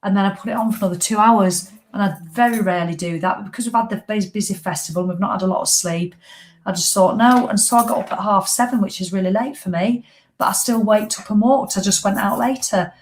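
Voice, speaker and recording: A woman's voice: mid-range voice, fast. A middle-aged woman with a British English accent, hosting a live walking group as a fitness coach in a chatty, blunt, motivational way with casual swearing. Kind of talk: casual live-stream chat.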